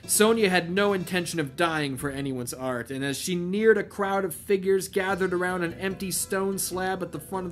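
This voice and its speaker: Man reading a novel with wry asides. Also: a little high. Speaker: channel host reading a novel aloud. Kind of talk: comedic novel read-through with commentary.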